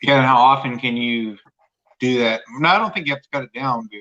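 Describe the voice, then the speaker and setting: A man's voice: medium pitch, a little fast, pushed and bright, muffled recording. A man in a casual live stream chat, wondering aloud in an easygoing way.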